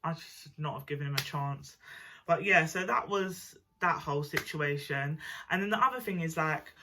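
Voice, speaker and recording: A woman's voice: deep voice, moderate pace, slight background noise. A young woman with a nasal voice, telling a chatty, slangy personal story. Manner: chatty and animated, slangy, swears; mimics other people's voices. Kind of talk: casual storytime monologue.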